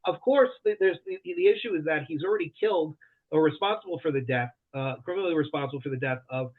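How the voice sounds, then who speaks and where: A man being interviewed as a guest, talking in heated, rushed answers full of restarts, heard over a tinny phone-like line. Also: fairly high pitch, lively intonation. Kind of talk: rapid talk-show interview answers.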